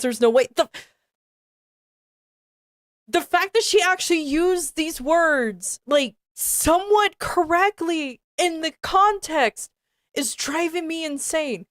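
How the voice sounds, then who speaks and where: High-voiced woman ranting in disbelief. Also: no echo, clean studio sound. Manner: exasperated, profane ranting; repeats herself in disbelief. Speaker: streamer. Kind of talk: live-stream reading reaction.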